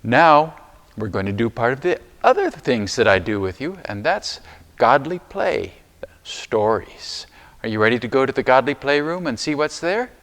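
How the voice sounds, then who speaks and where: A man serving as chaplain, talking gently and encouragingly to preschool children inside a church, using simple words. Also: medium pitch, sing-song, moderate pace. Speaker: chaplain leading children's chapel.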